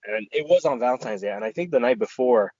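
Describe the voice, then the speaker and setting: A man's voice: mid-range voice, expressive, fast talker, a little mellow, no room sound, dull audio. A man co-hosting a podcast, telling a rambling, profane story in casual chat and quoting his friends. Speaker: podcast co-host.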